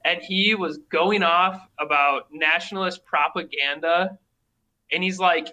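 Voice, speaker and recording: A man from Minnesota tells stories in loose, casual talk. His voice is bright and forceful, sitting a little high, and he acts out the people in his stories. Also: measured pace, rough recording. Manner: animated storyteller, acts out quoted people. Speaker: podcast guest. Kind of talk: casual storytelling.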